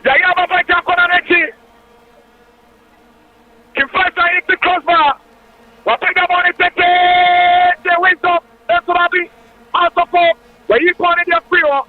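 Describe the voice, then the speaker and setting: A man giving excited live football commentary on radio, calling out player names in quick play-by-play. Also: extremely high pitch. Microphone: radio studio mic. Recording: tinny radio broadcast line.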